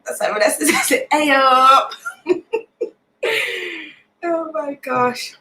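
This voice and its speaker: A woman's voice: high-pitched, expressive, drawn-out words, fairly bright tone, rough recording. A woman in her late twenties from Nottingham with a Nottingham accent, hosting a casual livestream, chatting, laughing often and greeting viewers by name. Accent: Nottingham English. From Nottingham, England. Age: late 20s. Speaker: livestream host.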